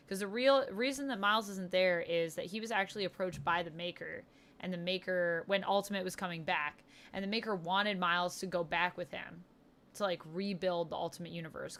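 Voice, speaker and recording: Lower-voiced woman hosting a casual stream. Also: fairly bright tone. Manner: chatty, reads viewer comments aloud and answers them; enthusiastic comic-book fan talk. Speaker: livestream host. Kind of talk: casual chat.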